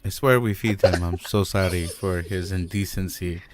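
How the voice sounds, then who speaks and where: A man's voice: low voice, steady tone, moderate pace, a crowd in the background. A man playing a tabletop game, describing his character in a laid-back, chuckling way. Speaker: player. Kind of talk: tabletop role-play.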